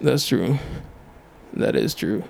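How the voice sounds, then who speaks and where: Animated storytelling man, lively pitch. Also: slow pace, vocal fry, a little hiss or hum. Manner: animated storyteller, acts out quotes in high voices, laughs often. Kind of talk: casual chat.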